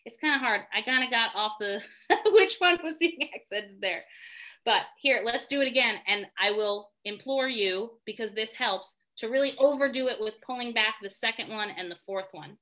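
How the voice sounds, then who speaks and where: Bright-voiced woman teaching singing online. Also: on the high side, normal speed. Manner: chatty and self-deprecating, thinks aloud. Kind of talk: live online music lesson. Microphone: video call.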